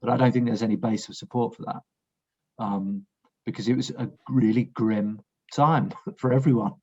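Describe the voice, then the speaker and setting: Husky low-voiced man, frank podcast guest, dull lo-fi recording. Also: steady tone, normal speed, warm tone. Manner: frank, blunt, swears, restarts sentences. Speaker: war veteran guest. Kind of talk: casual podcast conversation.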